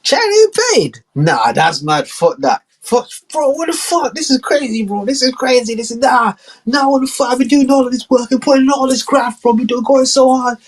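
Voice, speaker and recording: A man voicing a brash, drunk, boastful male leader who shouts indignantly in street slang. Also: very high voice, lively intonation, moderate pace, voice pushed up. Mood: indignant ranting.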